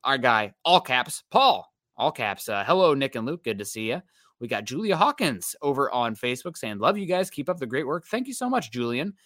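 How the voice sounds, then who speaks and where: Bright-voiced casual male livestream host. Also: medium pitch, sing-song, a little fast, dry recording, studio quality. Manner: reads viewer comments aloud, easygoing.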